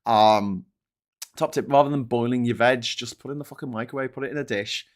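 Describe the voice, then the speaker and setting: Casual and foul-mouthed, this streamer rambles off topic easily and grows excited while thanking his audience. His pitch is medium and his pace fairly quick.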